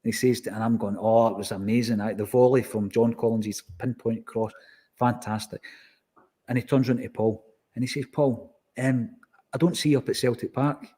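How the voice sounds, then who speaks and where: A man's voice: medium pitch, moderate pace, breathy edge. A man with a Scottish accent telling a story in casual podcast chat, acting out the exchanges he quotes. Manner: animated anecdotal, acts out quoted exchanges.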